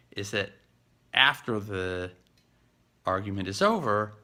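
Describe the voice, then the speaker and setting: A man speaks very slowly, halting and thoughtful, his voice bright and a little pressed. He records a warm get-well message and fills the gaps with pauses. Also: lowish voice, clean tone. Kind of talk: heartfelt video message.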